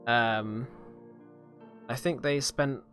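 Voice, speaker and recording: British young man, podcast host, loose rambly live-stream chat, mid-pitched, faint music underneath. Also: fairly even intonation, extremely slow, fairly bright tone. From Britain. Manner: rambling, hesitant, many fillers and laughs. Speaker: podcast host reviewing a series.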